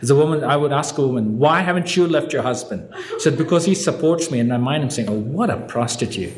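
Older guy cracking wry self-mocking jokes at a meeting, kinda high voice, echoey hall. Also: fast. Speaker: speaker sharing his story at a recovery meeting. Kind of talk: humorous personal story. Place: meeting hall with a live audience. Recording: echoey hall, faint background hum.

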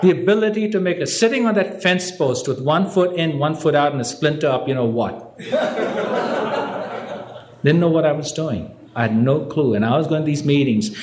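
An older man telling a humorous personal story at a recovery meeting, wry and self-mocking, with deadpan punchlines. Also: mid-range voice. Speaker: speaker sharing his story at a recovery meeting. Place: meeting hall with a live audience. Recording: echoey hall, faint background hum.

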